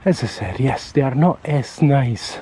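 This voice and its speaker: A man from Italy with an Italian accent, chatting casually on a walking vlog and often pausing to search for words, talking into a camera outdoors on a windy street. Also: medium pitch, expressive, mellow, rough recording. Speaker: vlogger. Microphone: camera mic held near the face. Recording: faint wind and traffic noise outdoors.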